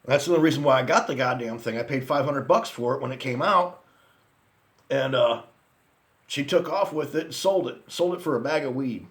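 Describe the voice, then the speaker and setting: A man's voice: mid-range voice, a little fast, fairly bright tone. A man in his forties telling rambling, profane stories about his friends and past, laughing at his own anecdotes. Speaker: vlogger. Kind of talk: casual storytelling rant.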